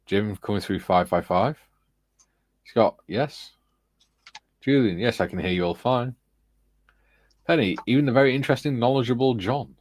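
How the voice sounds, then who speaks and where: A man's voice: mid-range voice, normal speed, pauses often, dry recording. A man hosting a casual livestream, reading viewers' chat messages aloud and chatting with his panel. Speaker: livestream host.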